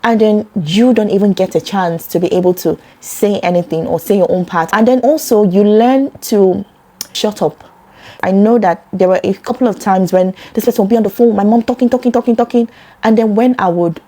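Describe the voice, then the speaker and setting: A Nigerian woman talking earnestly to camera about a personal topic, getting animated when she quotes other people. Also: mid-range voice, brisk. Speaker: vlogger.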